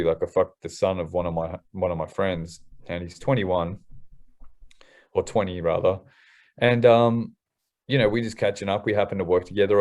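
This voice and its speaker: Low-voiced candid Australian man. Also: darkish tone. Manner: candid, swears freely, fast slangy storytelling. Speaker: interview guest, hip-hop artist. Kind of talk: casual interview chat.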